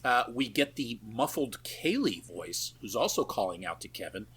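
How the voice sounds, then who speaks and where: Very animated, this podcast co-host talks at a normal speed in a mid-range voice that's a bit bright with a breathy edge. He runs through a film recap in a loose, swearing style, dropping fillers and laughing easily.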